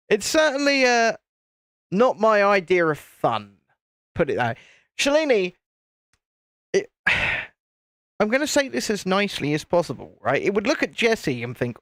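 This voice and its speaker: A man's voice: high-pitched, huge pitch swings, measured pace, pauses often, a bit bright, no room sound, clean studio sound. A British man hosting a livestream, chatting casually with viewers while he builds, and laughing often. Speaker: livestream host.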